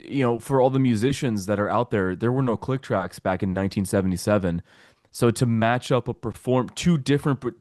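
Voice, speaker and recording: Brief: man, low voice, dry close sound, knowledgeable guest with deadpan humor. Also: no room sound. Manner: detailed, explanatory, dry jokes. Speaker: documentary maker guest. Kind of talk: casual interview talk.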